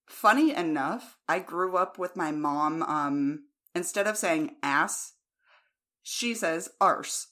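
An American woman chats in a relaxed way and laughs easily. Her voice sits very low for a woman. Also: slow. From United States. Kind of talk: casual chat.

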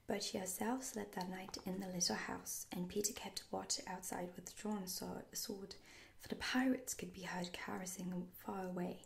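A woman tells a fairy tale in a hushed, unhurried whisper. It is a whispered role-play, soothing and soft-spoken, with a slight gravelly texture under the breath. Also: on the low side. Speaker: storyteller.

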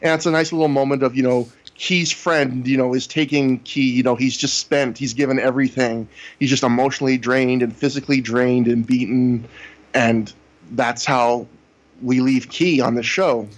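A man's voice: mid-range voice, fairly even intonation, moderate pace. Chatty man recapping at length. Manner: recaps events at length with frequent "you know". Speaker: podcast co-host reviewing wrestling shows. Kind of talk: casual chat.

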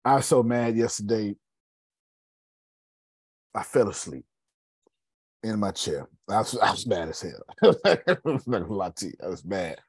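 A man's voice: lowish voice, sing-song, measured pace, pauses often, breathy edge, no room sound. A man hosting a podcast in casual live coaching talk, emphatic, repeating phrases and calling listeners by name. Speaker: podcast host.

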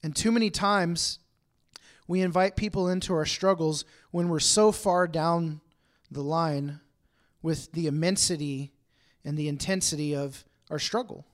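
Brief: male pastor, light higher voice, casual sermon to a congregation, acts out everyday exchanges. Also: measured pace. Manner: chatty, acts out everyday dialogue in asides. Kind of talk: conversational sermon. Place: room with a congregation.

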